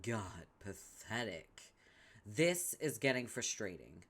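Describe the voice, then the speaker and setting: A man's voice: fairly low pitch, sing-song, slow pace, fairly bright tone, heavily acted. A man voicing a bossy, cruel young troll girl who sneers and scolds in a comic read-along. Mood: scolding.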